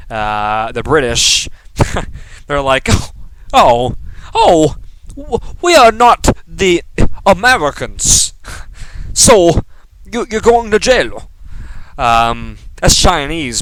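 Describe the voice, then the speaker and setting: Young male podcast host, sarcastic and rambling, slow delivery, clean voice. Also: on the high side, a bit bright, smooth, no room sound, low-quality recording. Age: young adult. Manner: rambling and sarcastic, many ums and restarts. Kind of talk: casual news commentary monologue.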